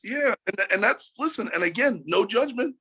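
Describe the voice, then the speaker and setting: Laughing between his points, a New York City musician goes on an animated, profane rant as a guest in a casual interview. He has a high-pitched, slightly rough voice and speaks at a moderate pace.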